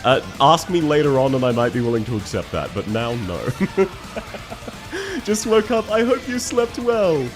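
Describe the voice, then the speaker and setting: Lively man streaming. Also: fairly high pitch, unhurried, over music. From Australia. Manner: emotional, laughing between words, thanking chat. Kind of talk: casual live-stream chat.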